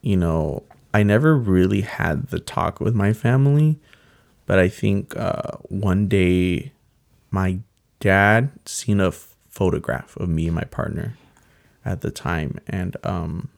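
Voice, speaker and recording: A young man telling a personal story in casual talk, earnest and halting, with many fillers. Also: deep voice, expressive, vocal fry. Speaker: guest telling his story.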